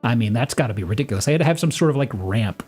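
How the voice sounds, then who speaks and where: A man streaming a game live, chatting casually and playfully, with loud, sudden, high-pitched exclamations. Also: expressive, very fast, slightly rough, soft background music. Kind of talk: casual live gameplay chat.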